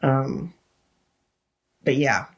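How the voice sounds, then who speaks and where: A woman's voice: extremely low pitch, very slow. A woman actor and comedian, a podcast guest telling loose, rambling stories with restarts and the odd swear word. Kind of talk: casual podcast chat.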